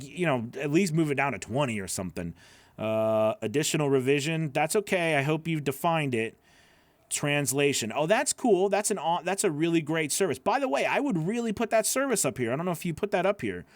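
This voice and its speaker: A man's voice: on the high side, lively intonation, brisk, no room sound. A man coaching voice-over artists, reviewing their work live in a chatty, encouraging way with lots of fillers.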